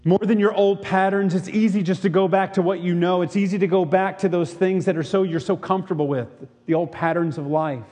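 Man, pastor, sermon, fairly high voice, long hall reverb, rhetorical questions. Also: fairly even intonation, a little fast, few pauses, mellow. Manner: reads scripture, then preaches with rhetorical questions.

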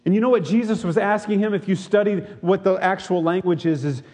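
A man's voice: high voice, a little fast, darkish tone. Man preaching in a reverberant hall. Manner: reads scripture, then preaches with rhetorical questions. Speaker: pastor. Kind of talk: sermon.

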